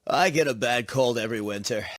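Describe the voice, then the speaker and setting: A man's voice: mid-range voice, a little fast, fairly bright tone, dry recording. A man reading scripted everyday lines for an English lesson in a plain manner. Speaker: dialogue reader in an English lesson. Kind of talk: scripted conversation for learners.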